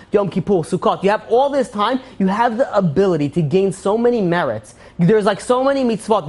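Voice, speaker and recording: A male rabbi giving an informal Torah class, telling parables in a rambling way full of "you know" and acting out the characters' lines. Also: high-pitched. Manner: rambling storyteller, many fillers, acts out quotes.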